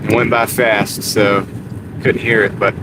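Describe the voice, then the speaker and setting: A man's voice: on the low side, level tone, unhurried. A man chatting casually on a live stream while driving for deliveries, rambling and easygoing. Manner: rambling, easygoing, many fillers. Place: inside a car while driving. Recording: car noise in background.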